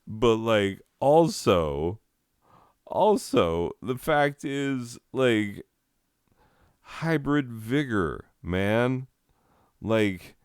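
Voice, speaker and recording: A man's voice: sits low, clear, resonant tone, no echo, studio quality. A man doing a crude, sarcastic comedy rant full of swearing. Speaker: comedian ranting.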